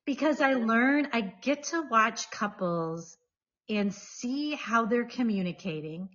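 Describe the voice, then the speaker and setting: A woman's voice: fairly high pitch, lively intonation, takes it slowly, a bit bright, lo-fi sound. Earnest woman guest on a podcast. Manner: earnest and emphatic. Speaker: divorce mediator guest. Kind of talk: casual chat.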